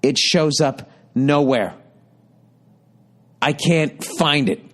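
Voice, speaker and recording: Very slowly, with lively intonation and a fairly high pitch, a man in his fifties hosts a podcast. He spins a rambling, exasperated comic story full of heavy swearing.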